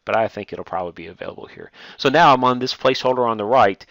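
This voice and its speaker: A male instructor walking through a software tutorial step by step, plainly explaining with occasional fillers. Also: medium pitch, fast talker, hardly any pauses, no room sound.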